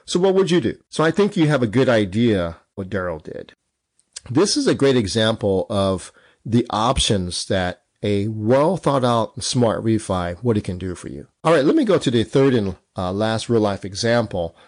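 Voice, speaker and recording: A man's voice: fairly low pitch, sing-song, moderate pace, a little mellow, dry recording. A man hosting an instructive podcast as a real estate coach, punching out numbered points and putting questions to his listeners.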